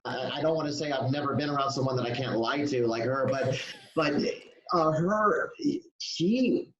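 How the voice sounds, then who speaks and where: Guy on a podcast, halting and restarting, echoey dull audio. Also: medium pitch. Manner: halting, self-interrupting. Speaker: guest in recovery. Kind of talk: podcast interview. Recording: echoey room, dull lo-fi sound.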